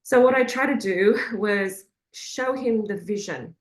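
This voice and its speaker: A woman's voice: mid-range voice, a little slow. A woman leading a faith group meeting, telling a personal story casually with many fillers and frequent laughs. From Australia. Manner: chatty, hesitant with frequent fillers, laughs often. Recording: roomy echoey sound.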